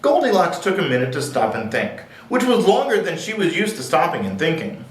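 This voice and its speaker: A man's voice: on the high side, huge pitch swings, brisk, a little hiss or hum. A man reading picture books aloud at a library, with playful, jokey asides. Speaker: library storyteller. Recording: echoey room, distant mic.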